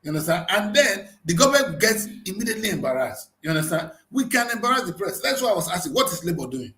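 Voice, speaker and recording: A man hosting a newspaper review show, arguing in an animated, emphatic way full of rhetorical questions. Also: high voice, quick pace. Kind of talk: heated studio discussion. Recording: roomy studio echo.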